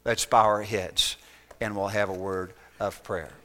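Bright, clear-voiced male preacher. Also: on the low side, flat delivery, a little slow. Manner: urgent, pleading; acts out quoted voices. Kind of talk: evangelistic sermon.

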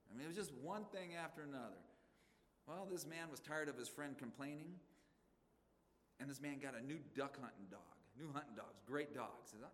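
A man's voice: mid-range voice, lively intonation, fairly quick. A man preaching a sermon as a pastor, telling stories in a folksy way and calling his listeners "folks.". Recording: long echo with faint background noise.

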